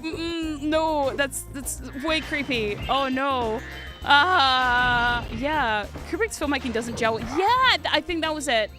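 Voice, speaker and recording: Giggly high-voiced woman streamer, music behind. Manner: rambling, giggly, animated outbursts. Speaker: VTuber streamer. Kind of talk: casual chat while streaming retro games.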